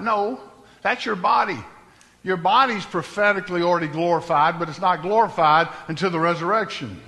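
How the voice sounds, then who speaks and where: A man preaching a sermon, folksy and joking, dropping to hushed storytelling and then rising to loud exclamations. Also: fairly high pitch, expressive, fairly quick, long reverb tail. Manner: folksy, humorous asides. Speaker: pastor. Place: church sanctuary.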